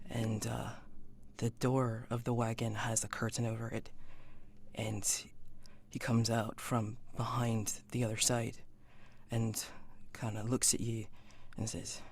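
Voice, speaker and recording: A man narrating a tabletop game as game master, in a slow, halting way. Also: mid-range voice, level tone, slight background noise.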